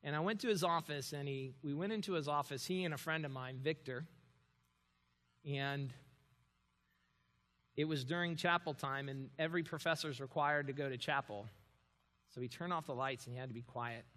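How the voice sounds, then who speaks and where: A young man preaching a sermon, moving from quiet storytelling to loud, forceful preaching. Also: fairly high pitch, normal speed, pauses often. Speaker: pastor. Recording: long reverb of a large hall.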